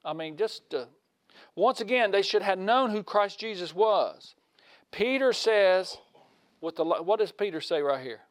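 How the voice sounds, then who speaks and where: A man giving a conversational sermon in a folksy way, asking his listeners questions and swinging from loud to hushed. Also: high-pitched, animated, unhurried, no room sound. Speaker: preacher.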